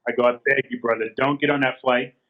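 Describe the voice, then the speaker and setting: A man's voice: mid-range voice, steady tone, fast. A man guest in a casual interview, retelling phone conversations with quoted back-and-forth lines, speaking over a remote call from a garage. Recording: dull, lo-fi call audio.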